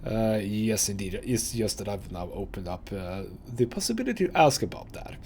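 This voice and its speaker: Gravelly man chatting through a game. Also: fairly low pitch, animated, moderate pace, a little mellow, a little hiss or hum. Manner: chatty, reads game text aloud with fillers. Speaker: let's play host. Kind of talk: casual game commentary and reading aloud.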